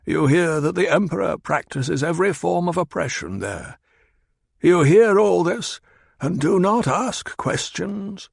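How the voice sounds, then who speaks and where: A man's voice: high voice, expressive, unhurried, creaky, husky, no echo, clean studio sound, voice pushed up, full character voice. A man doing a cold, cutting old spymaster. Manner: clipped, cutting, coldly insistent.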